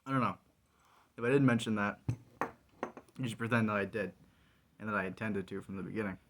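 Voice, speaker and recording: A man's voice: on the low side, fairly quick, noisy background. A man vlogging alone in a wry, rambling monologue full of fillers. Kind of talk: casual solo monologue.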